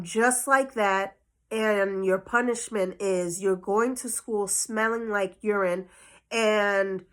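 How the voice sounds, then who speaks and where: A woman's voice: medium pitch, a bit bright. A woman voicing her harsh, angry mother scolding a child in a contemptuous tone.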